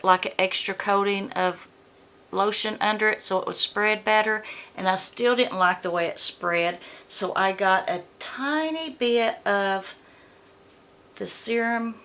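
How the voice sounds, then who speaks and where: A woman's voice: mid-range voice, pushed and bright, clear, resonant tone. A woman from the American South chatting casually through a beauty box unboxing. She reads product blurbs aloud and stumbles over the product names. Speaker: beauty vlogger.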